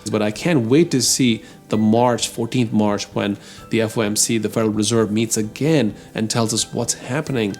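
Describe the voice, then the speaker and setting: A man's voice: lowish voice, steady tone, normal speed, darkish tone, soft background music. Emphatic man ranting about the economy. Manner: emphatic, addresses listeners as folks, gets heated. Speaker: host. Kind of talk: opinionated commentary on the economy.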